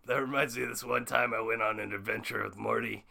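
A man's voice: mid-range voice, fairly even intonation, fast, gravelly, sharp tone, heavily acted. A man doing a comedic impression of a cranky old mad scientist who rambles and stammers through fillers. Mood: boastful.

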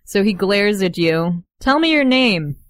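Game master, woman, wry and animated, dry recording. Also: medium pitch, unhurried, no echo. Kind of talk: running a tabletop game.

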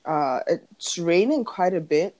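A woman's voice: on the low side, animated, slow, a little mellow, no echo. A young woman co-hosting a podcast in casual chat, rambling and laughing, with a sleepy morning voice. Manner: chatty, rambling, laughs often. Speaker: podcast co-host.

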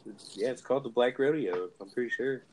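A man's voice: medium pitch, brisk, a little mellow, a little hiss or hum. A man with a northern US accent co-hosting a casual podcast chat, rambling and swearing casually. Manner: easygoing, rambling, profane. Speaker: podcast co-host.

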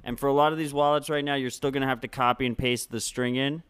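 A man's voice: mid-range voice, steady tone, fairly bright tone, clean tone, no echo. A man co-hosting a podcast, talking casually with many restarts and eager asides. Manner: halting, many restarts, enthusiastic. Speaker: podcast co-host. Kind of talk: casual chat.

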